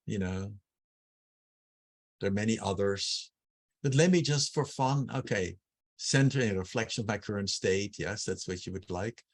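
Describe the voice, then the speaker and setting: A man facilitating an online breathwork workshop over a video call, talking conversationally and working through long lists with frequent restarts. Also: on the low side.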